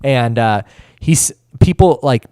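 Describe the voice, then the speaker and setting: A man's voice: medium pitch, animated, takes it slowly, warm tone, clean tone, no echo, studio quality. A young man co-hosting a podcast, chatting in a laid-back, rambling way with lots of fillers. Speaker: podcast co-host. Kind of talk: casual chat.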